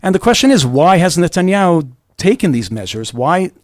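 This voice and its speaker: A man's voice: sits high, very animated, a little fast, darkish tone, no room sound, clean studio sound. A man speaking as a guest on a radio talk show, opinionated and wry. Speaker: studio guest. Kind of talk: casual talk show discussion. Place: radio studio.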